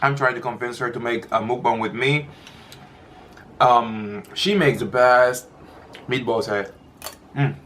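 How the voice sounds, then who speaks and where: A man's voice: medium pitch, steady tone, measured pace, pauses often, fairly bright tone, slight background noise. A man chatting casually while he eats in a mukbang video, rambling and stopping to chew between sentences. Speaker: mukbang vlogger. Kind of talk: casual chat while eating.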